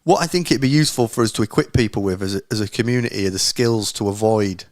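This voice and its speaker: A man's voice: lowish voice, fast talker, no room sound, studio quality. A man in his late thirties, a podcast co-host telling rambling anecdotes in casual chat, swearing freely and poking fun at himself. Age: late 30s.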